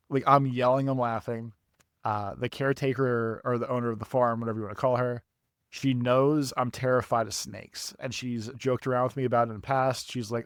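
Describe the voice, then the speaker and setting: A young man telling a rambling story on a podcast, animated and quick to swear, often laughing at his own misfortune. His voice sits in a middle register and sounds close and dry, with almost no room around it. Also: mid-range voice, clear, resonant tone, no room sound. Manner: animated, profane, laughs at himself. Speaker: podcast co-host. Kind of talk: casual storytelling.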